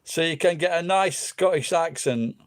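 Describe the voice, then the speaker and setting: A middle-aged man talks to his camera in a loose, wandering monologue. His voice sits slightly higher than most men's, and he swears freely as his thoughts drift from one thing to the next. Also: moderate pace, clean tone. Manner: crude, swears freely, meandering. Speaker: vlogger. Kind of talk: casual rambling monologue.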